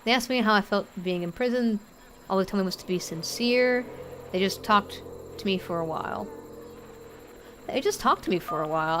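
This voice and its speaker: A woman streaming a game live, chatty and rambling, thinking out loud and easily moved. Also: mid-range voice, lively intonation, moderate pace, a little hiss or hum. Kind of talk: live gameplay commentary.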